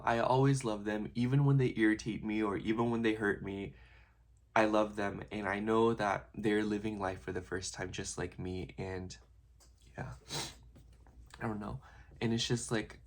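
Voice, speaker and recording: A young man talking in a casual personal vlog, rambling and reflective, full of "like" and restarts. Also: lowish voice. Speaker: vlogger.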